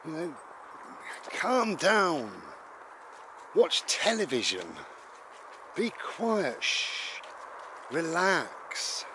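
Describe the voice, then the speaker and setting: A man's voice: fairly high pitch, big pitch swings, fast talker, hardly any pauses, noisy background, voice pushed up. A man doing a fed-up parent barking orders. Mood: irritated. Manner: sharp, loud scolding. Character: exasperated parent snapping at a noisy child.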